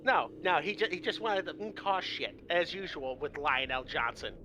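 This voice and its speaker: A man casually retelling fantasy lore to friends, animated and profane, acting out the characters' lines. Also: on the high side, moderate pace, noisy background. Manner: animated, profane, acts out quotes. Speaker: lore presenter on a miniature painting show.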